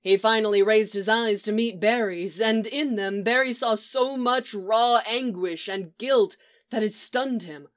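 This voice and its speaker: A woman narrating a piece of fiction in a steady storytelling read. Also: on the high side, unhurried. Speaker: reader.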